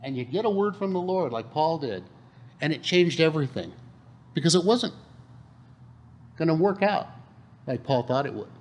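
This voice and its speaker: A man preaching to a congregation, his voice sitting a little high and swinging widely up and down. He keeps it conversational, tossing questions out to the room and answering them himself. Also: very animated, moderate pace, long pauses. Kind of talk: sermon. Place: church hall.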